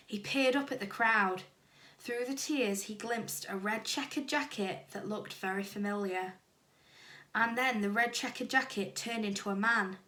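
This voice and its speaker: A woman teacher reading a children's storybook aloud, lively and expressive. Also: fairly high pitch. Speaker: primary school teacher.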